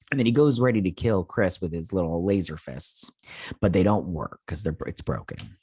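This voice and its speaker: A man's voice: deep voice, lively intonation, normal speed, darkish tone, slightly rough, no echo, clean studio sound. A man in his thirties hosting a casual show recap, telling the story in a loose, rambling, amused way with many restarts. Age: 30s. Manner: amused, chatty.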